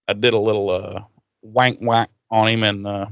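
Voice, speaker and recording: Profane, animated podcast host recapping. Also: male voice, on the low side, moderate pace, gravelly, no room sound, dull audio. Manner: animated, swears a lot, acts out characters' lines. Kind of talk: casual profane episode recap with quoted voices.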